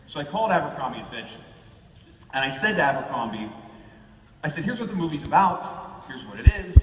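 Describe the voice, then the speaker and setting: A man's voice: fairly high pitch, fairly quick. Man telling funny stories in an echoey hall. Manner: animated, acts out quoted people. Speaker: keynote speaker. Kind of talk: comic storytelling talk. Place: large event hall. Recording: echoey hall, far from the mic, dull sound.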